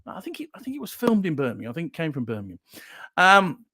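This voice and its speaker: A man's voice: fairly high pitch, wildly swooping pitch, quick pace, bright, forceful tone, no room sound, clean studio sound. A man from Yorkshire hosting a casual, jokey livestream show and reading out viewer comments. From Yorkshire, England.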